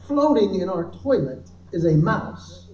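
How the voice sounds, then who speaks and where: A male stand-up comedian telling a story to a dinner crowd, acting out voices as he goes. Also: unhurried. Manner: animated storytelling, acts out his wife's high shrieks. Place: event hall with audience laughter. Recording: roomy, distant, dull hall recording.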